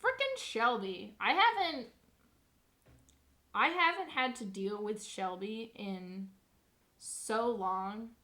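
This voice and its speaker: A young woman on a livestream talks in a bright, sharp voice that sits a little high. She tells stories in an animated, foul-mouthed way with a sarcastic edge. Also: slow pace, pauses often. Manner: profane, animated storytelling. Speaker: streamer. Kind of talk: casual livestream chat.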